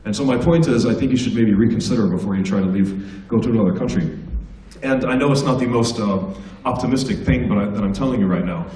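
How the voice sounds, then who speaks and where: A man's voice: on the low side, fast, dark tone, echoey room, distant mic, rough recording. An American man, a stand-up comedian, giving a casual, joking talk to students at a school assembly. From United States. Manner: joking, anecdotal, conversational. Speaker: guest speaker, stand-up comedian. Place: school hall.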